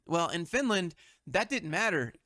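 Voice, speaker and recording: Blunt, mocking man with a bright voice. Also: sits high, big pitch swings, moderate pace, no echo, clean studio sound. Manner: blunt and mocking, with frequent swearing. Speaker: host. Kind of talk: sarcastic meme commentary.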